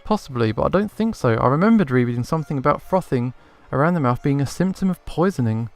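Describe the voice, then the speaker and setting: A man's voice: mid-range voice, animated, fast talker, gravelly, soft background music. A man voicing a boastful, self-assured male hunter telling a story in a video game.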